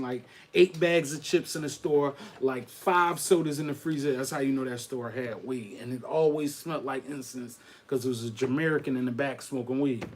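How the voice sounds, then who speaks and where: Animated man telling street stories. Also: fairly high pitch. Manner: animated street-slang storytelling. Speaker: podcast host. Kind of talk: casual storytelling.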